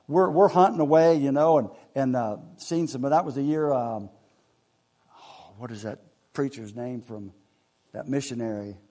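A man's voice: mid-range voice, dark tone. Folksy man telling a hunting story. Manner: folksy, rambling, laughs while telling. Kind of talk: casual storytelling.

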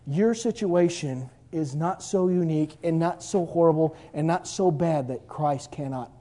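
A man's voice: a little high, unhurried, mellow. A man preaching a sermon as a pastor, impassioned, and reading scripture aloud. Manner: impassioned, preaching with rising and falling intensity; reads scripture in archaic King James wording.

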